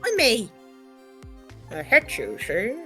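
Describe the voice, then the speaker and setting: A woman's voice: fairly high pitch, wildly swooping pitch, slow pace, sharp tone, husky, faint music behind, voice pushed up, full character voice. A woman voicing a cocky, nearsighted hitman in the manner of an old-time gangster, with a clipped tough-guy drawl. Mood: menacing.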